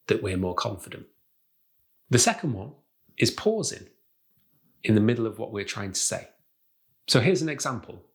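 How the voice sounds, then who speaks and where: Man giving a measured tutorial. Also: mid-range voice, fairly bright tone. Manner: measured, demonstrative, acts out example replies. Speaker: communication coach. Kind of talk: direct-to-camera tutorial.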